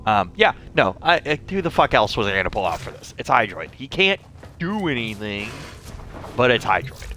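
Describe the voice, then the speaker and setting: Bright-voiced swearing game streamer. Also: male voice, mid-range voice, big pitch swings, normal speed, slight background noise. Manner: rambling, swears freely, self-mocking asides. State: clearing a scratchy throat. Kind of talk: casual live-stream commentary.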